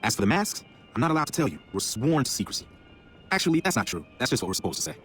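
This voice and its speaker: An actor playing a polite society member who confides gossip, in a game. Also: male voice, mid-range voice, sing-song, rapid-fire, a bit bright, faint music behind. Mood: confiding. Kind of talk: video game voice acting.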